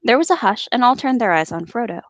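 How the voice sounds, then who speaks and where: Between quick, jokey chatter, this Colorado-accented woman reads book passages aloud for her podcast, lowering her voice to sound solemn during narration. Her intonation is lively and her pace quick. The audio is dry.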